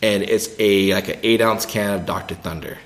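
A man co-hosting a church ministry podcast, telling a story in a rambling, animated, casual way. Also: fairly low pitch, moderate pace. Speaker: children's ministry co-host.

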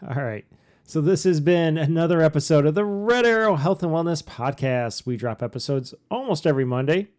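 A man's voice: on the high side, lively intonation, a little fast, a little mellow. Easygoing man cohosting a podcast. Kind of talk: casual chat and show outro.

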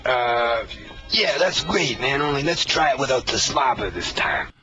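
A man's voice: mid-range voice, expressive, unhurried, bright, forceful tone, faint music behind. An actor voicing a brash, bossy male cartoon record producer who talks down to people. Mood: sarcastic. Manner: bossy, impatient. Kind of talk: cartoon voice acting.

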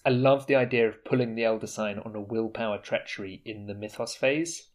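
A man co-hosting a casual board game podcast, chatty and enthusiastic with quick asides. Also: on the low side. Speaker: podcast co-host.

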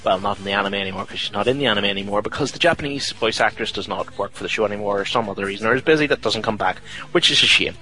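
Chatty young man, lowish voice. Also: very fast, few pauses, bright, forceful tone, poor audio. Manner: chatty, jokey, rambling with fillers. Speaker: podcast host. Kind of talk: casual chat.

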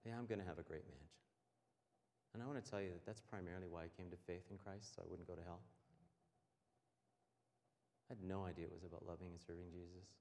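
Pastor guy preaching, lowish voice, gets quiet then loud, echoey church hall. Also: steady tone, fast, long pauses. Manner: passionate, swings between quiet and loud. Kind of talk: sermon.

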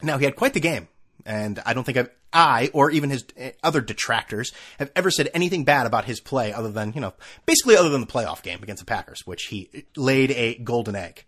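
A man's voice: medium pitch, fast, husky. Profane, sarcastic man ranting on a podcast. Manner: profane, sarcastic, animated swings from mutters to outbursts. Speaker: podcast host. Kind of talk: casual solo podcast rant. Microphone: desk microphone with camera.

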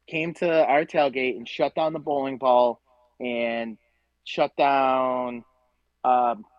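Speaking slowly in a mid-range voice, the tailgate group leader from Western New York joins a casual podcast chat as a guest, ranting profanely through animated stories. The recording is dry and the audio dull.

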